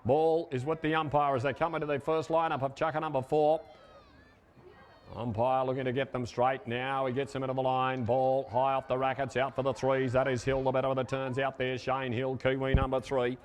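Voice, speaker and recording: A man giving live play-by-play commentary on a horseback ball game, calling names quickly with fillers and rising to shouts at goals. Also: mid-range voice, little pitch movement, a little hiss or hum. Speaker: sports commentator.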